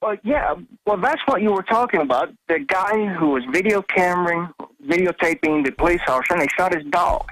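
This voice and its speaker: A man's voice: sits high, animated, a little fast, a bit bright, no echo, rough recording. A man from Georgia calling a talk radio show, complaining indignantly. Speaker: caller.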